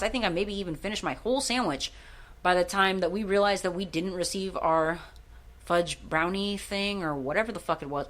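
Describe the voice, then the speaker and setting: A woman co-hosting a podcast, telling a rambling story in casual chat, swearing freely and breaking into excited bursts. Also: mid-range voice. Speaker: podcast co-host.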